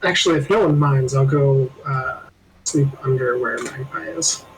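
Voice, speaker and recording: A man's voice: mid-range voice, normal speed, a little hiss or hum, low-quality recording. A man playing a tabletop game, making dry jokes about his character. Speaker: player.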